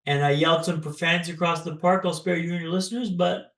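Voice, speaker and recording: A man from Canada, a podcast guest, telling a personal story in a dramatic, paced way with pauses. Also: fairly high pitch, fairly even intonation, a bit bright, echoey room.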